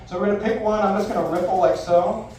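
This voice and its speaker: A man's voice: sits high, fairly even intonation, fast, a little mellow. A man in his forties, a stage magician doing brash, profane, theatrical comic patter to a live audience in a bar venue. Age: 40s. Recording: echoey live room, distant mic, faint noise.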